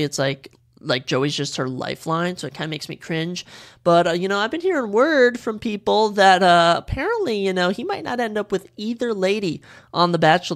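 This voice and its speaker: Chatty young man with a gravelly edge. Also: fairly high pitch, a bit bright. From Minnesota. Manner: chatty, opinionated, repeats phrases for emphasis. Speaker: podcast host. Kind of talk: casual solo podcast chat.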